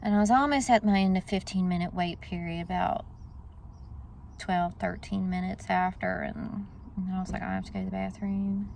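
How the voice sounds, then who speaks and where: A woman's voice: mid-range voice, fairly even intonation, normal speed, creaky, darkish tone, a little hiss or hum. A woman, chatting casually to her viewers in a vlog. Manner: chatty, talks straight to viewers. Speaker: vlogger.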